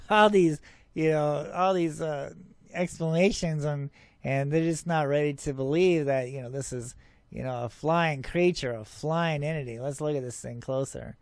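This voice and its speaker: Excitable high-voiced man hosting a UFO show. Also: measured pace, no room sound. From Arizona, USA. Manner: excitable, rambling, laughs often, scoffs at skeptics. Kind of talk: excited commentary over his own footage.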